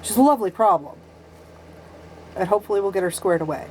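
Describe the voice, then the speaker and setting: A fast-talking, animated woman with a mid-range, slightly mellow voice rants angrily to camera, with a little hiss or hum audible. Congested from a cold, the rabbit keeper vlogs casually from her barn with pets nearby and remarks on how angry she sounds.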